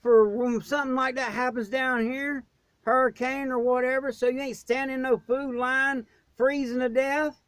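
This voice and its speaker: A man's voice: very high voice, flat delivery, normal speed, a bit bright, clear, resonant tone, dry recording. A man from Florida who hosts a prepping channel, ranting in a blunt, emphatic, folksy way. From Florida, USA. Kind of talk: ranting vlog.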